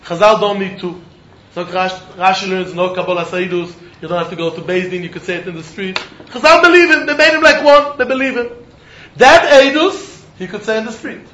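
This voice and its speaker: A man teaching a Talmud lesson, animated, often repeating words as he thinks and breaking into laughs. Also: high-pitched, a little fast. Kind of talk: Talmud study lecture. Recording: roomy, muffled recording with faint background noise.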